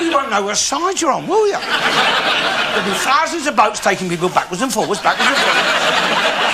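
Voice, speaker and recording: An actor playing a bigoted, blustering older Londoner with a Cockney accent, boasting and ranting coarsely in a live character monologue. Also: male voice, very high voice, exaggerated voice. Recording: live theatre with loud noise and laughter.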